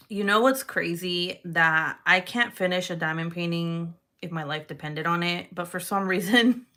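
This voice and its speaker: This polymer clay livestreamer is a young woman with a bright, forceful voice on the low side. She chats casually and giggles often while crafting, talking to her live chat viewers over slight background noise.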